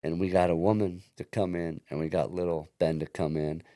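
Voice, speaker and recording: A man's voice: sits low, fairly even intonation, fairly quick, warm tone, no room sound, studio quality. A man guest on an interview podcast, telling his own story earnestly and often restarting his sentences. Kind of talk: casual interview chat.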